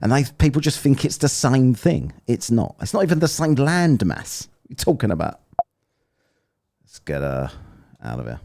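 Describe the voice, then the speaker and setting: A man's voice: mid-range voice, sing-song, normal speed, creaky, dark tone, a little hiss or hum. An English man commenting casually on a live stream, chatty and rambling, joking and laughing as he reads the chat. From England. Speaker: streamer reviewing a debate and reading chat.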